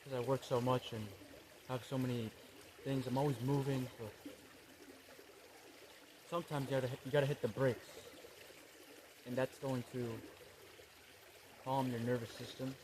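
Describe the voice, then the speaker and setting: Laid-back bro with running water behind. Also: male voice, medium pitch, flat delivery, background noise. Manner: laid-back bro slang, swearing, slow dreamy delivery. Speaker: comedy creator. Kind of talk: parody spiritual vlog monologue. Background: trickling, pouring water.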